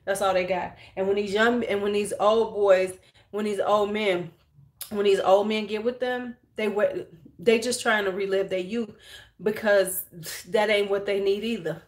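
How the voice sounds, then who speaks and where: A woman's voice: mid-range voice, fairly even intonation, a little slow. A middle-aged woman hosting a beauty livestream, chatting casually and frankly while doing her makeup, joking bawdily with viewers.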